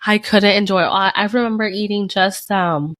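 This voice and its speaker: A woman's voice: mid-range voice, moderate pace, a bit bright, no room sound. A young woman co-hosting a podcast, telling a personal story in casual chat and acting out the people she quotes with big jumps in her voice. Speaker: podcast co-host.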